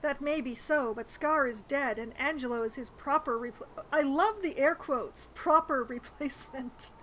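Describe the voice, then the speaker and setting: A woman's voice: sits high, normal speed, fairly bright tone, a little hiss or hum, poor audio. A woman streaming a role-playing game, reading the dialogue aloud and adding wry, chatty asides. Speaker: gamer streaming a playthrough.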